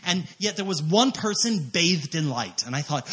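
A man, a missionary preacher, telling a testimony story in an animated way, acting out quotes with many fillers. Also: fairly high pitch, normal speed.

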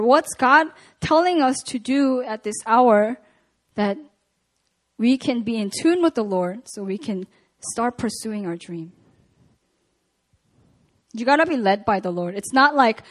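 High-voiced woman preaching conversationally. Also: moderate pace. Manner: conversational, animated retelling of scripture. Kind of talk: sermon at a prayer meeting.

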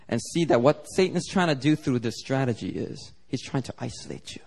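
A pastor with a mid-range voice and noticeable vocal fry preaches fairly quickly. He tells his stories energetically and acts out each person's voice.

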